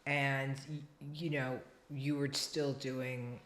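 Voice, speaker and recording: Low-voiced woman host in an echoey room. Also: flat delivery, slow pace, a bit bright. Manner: short supportive responses and restating. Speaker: podcast host. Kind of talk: interview.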